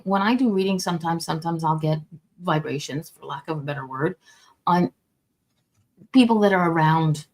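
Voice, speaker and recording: A woman doing a casual card reading, talking in a halting way as she searches for words. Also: on the low side, darkish tone, poor audio. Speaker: card reader.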